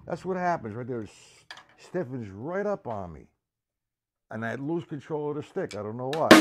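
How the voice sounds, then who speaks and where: A man giving a live-streamed drum lesson. He counts beats out loud and chats casually with viewers between exercises. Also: medium pitch, big pitch swings, moderate pace, loud music behind the voice. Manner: counts out loud over drumming, chatty asides to viewers. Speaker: drum teacher. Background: drum kit playing.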